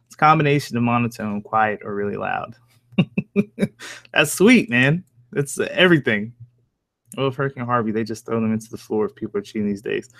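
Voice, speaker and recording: A man's voice: mid-range voice, a bit bright, no echo. Man, Jersey and country accent mix, casual live-stream chat, laid-back, profane, chuckling, dry close sound. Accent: mix of New Jersey and American Southern country. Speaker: horror story narrator live-streaming. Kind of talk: casual live-stream chat, reading and answering viewer comments. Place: at home.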